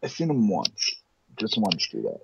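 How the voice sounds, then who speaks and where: A male co-host speaks slowly with dry, jokey remarks, his voice gravelly and lively in pitch. He sounds muffled and lo-fi, with clear background noise on the line. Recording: dull lo-fi mic with clear noise.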